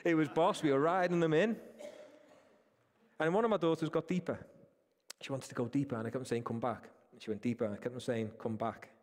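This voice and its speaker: A man's voice: a little high, fast, pauses often, a little mellow. A man preaching a sermon, earnest and direct, speaking to his listeners as folks. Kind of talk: sermon with a personal story. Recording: reverberant hall.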